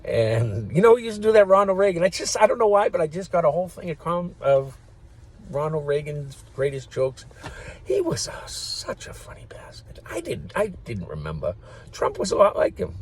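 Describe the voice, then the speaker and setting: A man's voice: sits high, sing-song, fairly quick. A man in his fifties giving a rambling casual monologue to camera, swearing freely and chuckling between thoughts. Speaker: vlogger.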